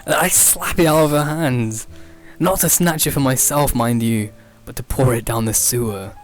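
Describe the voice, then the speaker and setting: Faint music plays behind a young podcast host as he riffs at normal speed on an absurd, made-up comedy story. He frequently cracks up at his own jokes, and his pitch jumps whenever he quotes someone.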